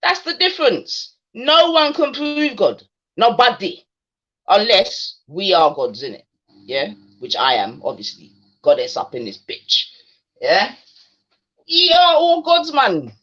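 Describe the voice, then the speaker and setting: A woman's voice: a little high, wildly swooping pitch, slow, fairly bright tone. A woman hosting a livestream, taunting and confronting a skeptic in casual slang. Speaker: livestream host. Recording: dull lo-fi stream audio.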